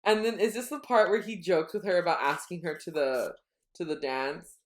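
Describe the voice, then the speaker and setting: A woman's voice: on the low side, normal speed. A woman co-hosting a podcast, casually retelling a book and acting out its quotes with laughs. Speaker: podcast co-host.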